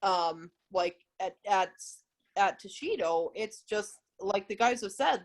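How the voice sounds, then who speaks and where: A woman's voice: mid-range voice, lively intonation, takes it slowly. A woman co-hosting a casual chat, frank and swearing casually. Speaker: podcast co-host.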